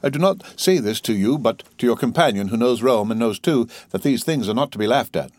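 A man's voice: mid-range voice, expressive, a little fast, darkish tone, dry recording, lightly acted. A man voicing a touchy Italian innkeeper. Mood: offended. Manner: earnest, insistent.

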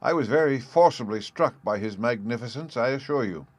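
A man's voice: medium pitch, expressive, a little fast, husky, dry recording, pitched above the performer's own voice. A man voicing a meek, cautious professor who answers hesitantly. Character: meek, cautious male professor, timid and kindly.

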